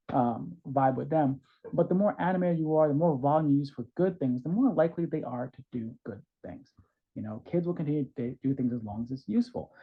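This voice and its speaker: Animated man with a husky voice. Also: fairly high pitch. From New York. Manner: animated, acts out parents' and kids' voices. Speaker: guest, parenting coach. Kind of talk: conversational advice in an interview. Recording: dull, lo-fi sound.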